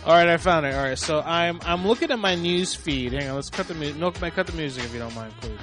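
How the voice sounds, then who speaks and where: A man's voice: fairly high pitch, lively intonation, fast talker, music in the background. Rambling laughing male show host. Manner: laughing, rambling, many restarts. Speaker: podcast host. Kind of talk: casual radio chat.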